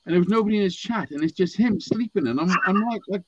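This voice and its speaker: Man, host, animated sweary storyteller, slightly high, muffled recording. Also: fast talker, noisy background. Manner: sweary, animated, acts out quotes. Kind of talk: casual storytelling chat. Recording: dull lo-fi sound.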